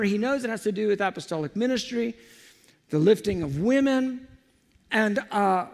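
A man preaching, telling a story with animated, excited energy. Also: high-pitched, long reverb tail. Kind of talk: storytelling sermon.

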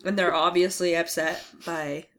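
A woman's voice: fairly low pitch, flat delivery, normal speed, a bit bright. A woman co-hosting a podcast, casually recapping a TV episode with rambling asides and laughs. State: coughing. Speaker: podcast co-host.

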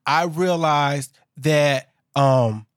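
Man, higher-pitched voice, loose rambling podcast talk, dry sound. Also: extremely slow, no echo. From Chicago area. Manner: rambling anecdotes with restarts. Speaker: podcast co-host. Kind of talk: casual chat recapping a reality show.

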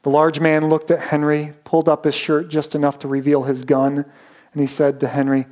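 Slightly high-voiced male preacher. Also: completely flat delivery, a little mellow. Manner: dramatic storytelling with slowed emphasis. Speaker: pastor. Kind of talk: sermon storytelling.

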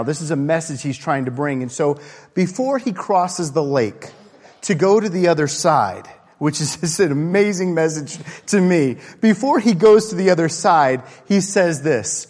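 Male preacher from texas, chatty storytelling sermon, slightly high voice, long church reverb. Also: moderate pace. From Austin, Texas. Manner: animated, conversational. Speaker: minister.

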